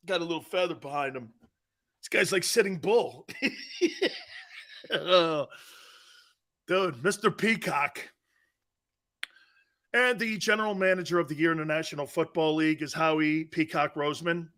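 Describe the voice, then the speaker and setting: A man hosts a casual sports talk show with a high, bright, forceful voice. He riffs in a mocking tone and breaks into laughter often. He drops into quick impressions of the people he talks about. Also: expressive.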